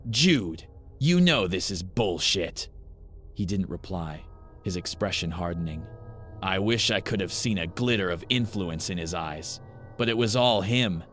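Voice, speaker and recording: A man giving grave, measured first-person narration of a scripted horror story. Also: sits low, fairly bright tone, faint music behind.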